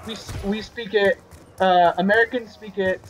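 A man's voice: high-pitched, fairly even intonation, moderate pace, poor audio. A young man hosting a casual gaming chat over a voice call, rambling with lots of fillers and restarts. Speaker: host.

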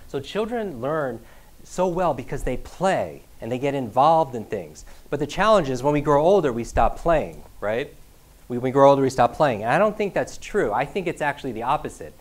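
A man giving an energetic motivational talk to a live audience as a learning coach, repeating key phrases and often asking "right?". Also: medium pitch. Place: event room with a live audience.

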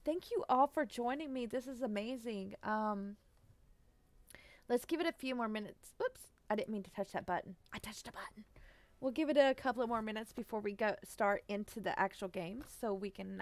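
Bubbly woman game streamer, fairly high voice, dry close sound, giggly, greets chat by name. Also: no echo. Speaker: Twitch streamer. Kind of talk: casual live-stream chat.

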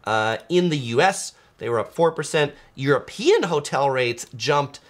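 A man hosting a travel livestream, talking casually and answering viewer comments, with a relaxed, chatty delivery full of "uh" fillers. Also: on the high side, unhurried. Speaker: travel channel host.

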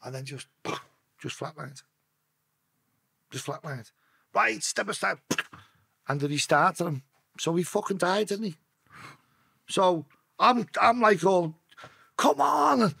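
Husky man telling a blunt story. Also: high voice, slow, pauses often, bright, forceful tone. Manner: blunt, swears freely, emotional. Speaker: podcast guest. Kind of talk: emotional storytelling in casual chat.

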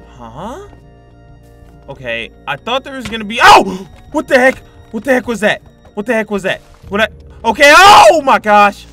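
A man's voice: high-pitched, sharp tone. A young man commentating a Minecraft horror play-through, slangy and jumpy, yelping and screaming at scares. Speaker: gaming YouTuber.

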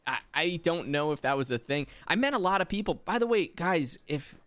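A man hosting a casual game stream, chatting and telling stories in an animated, laughing way. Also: fairly high pitch, brisk, dry recording. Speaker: streamer and voice actor.

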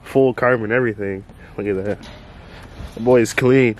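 A man's voice: medium pitch, steady tone, moderate pace. A young man vlogging casually from his car, talking in loose, slangy chat with plenty of fillers. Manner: laid-back slangy talk, loose fillers. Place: driving in a car and outdoors. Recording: loud road noise behind. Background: car and street noise.

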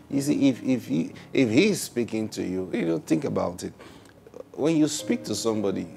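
A man preaching a sermon, laughing often and repeating praise, swinging between loud bursts and hushed, drawn-out phrases. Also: mid-range voice, vocal fry. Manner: laughs often, repeats "Praise God", asks rhetorical questions.

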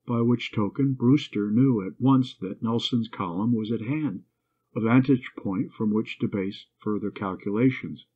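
A man reading a love story aloud for English learners, with measured, expressive narration. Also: mid-range voice, breathy edge. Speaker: story reader. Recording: tinny phone-like line.

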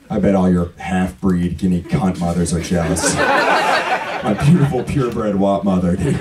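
A young man hosting a comedy club, telling stand-up jokes in a casual, laughing way. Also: medium pitch. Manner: laughing often, casual, says "dude" a lot. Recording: distant mic, loud crowd. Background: crowd.

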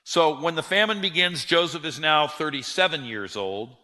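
Bright-voiced preacher in a reverberant hall. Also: male voice, fairly high pitch, moderate pace. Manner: animated storyteller who acts out quotes. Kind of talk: sermon.

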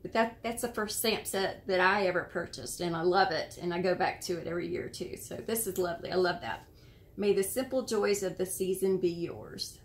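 An American woman hosting a casual show-and-tell of handmade cards, admiring and gentle, sometimes searching for words. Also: fairly low pitch, normal speed. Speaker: card-making channel host.

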